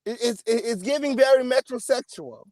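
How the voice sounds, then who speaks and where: A man hosting a celebrity gossip channel, giving an emphatic, profanity-heavy rant with sudden loud outbursts. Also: extremely high pitch, a little fast, no echo, clean studio sound. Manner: profane, emphatic, repeats "okay?" and "period". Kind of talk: ranting celebrity gossip commentary.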